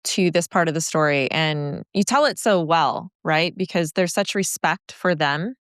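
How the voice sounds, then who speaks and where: A woman hosts an interview and gently prompts her guest with questions. Her voice is low and smooth. The sound is dry and close. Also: unhurried, no echo. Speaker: channel host, interviewer. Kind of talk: interview conversation.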